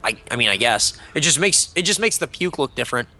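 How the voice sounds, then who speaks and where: A man's voice: mid-range voice, sing-song, fast, pushed and bright. A man from California, chatting casually on a podcast with crude, teasing humor. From California, USA. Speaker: podcast co-host. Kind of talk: casual chat.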